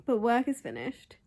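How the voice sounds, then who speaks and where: A woman's voice: medium pitch, a little mellow. A young woman chatting casually in a rambling vlog, with lots of "like" and "um". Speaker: vlogger.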